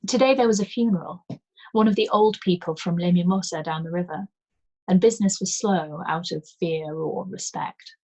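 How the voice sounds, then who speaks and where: A woman reading a novel aloud as a storyteller, in calm, measured first-person narration. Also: lowish voice.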